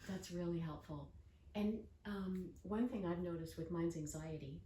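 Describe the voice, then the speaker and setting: A woman's voice: on the low side, moderate pace, mellow. Older woman host, earnest storyteller, echoey distant recording. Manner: earnest, storytelling, acts out quoted voices. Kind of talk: casual interview chat. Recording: echoey room from far off with faint noise.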